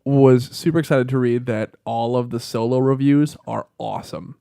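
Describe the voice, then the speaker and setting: A young man co-hosting a casual chat, swearing freely and getting worked up into rants that turn to shouting. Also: medium pitch, normal speed, creaky, clear, resonant tone, dry recording, clean studio sound. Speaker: podcast co-host.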